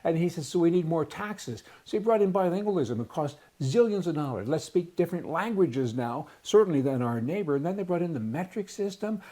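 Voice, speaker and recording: A man's voice: fairly high pitch, lively intonation, a little fast, few pauses, warm tone. A man ranting in an opinion monologue, indignant and emphatic, hammering words by repeating them. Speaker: host of advocacy newsletter show.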